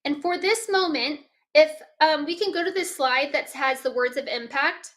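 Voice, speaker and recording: A workshop presenter with a fairly high, slightly bright voice speaks at normal speed. She gives a motivational talk, coaching listeners through breathing and self-talk exercises.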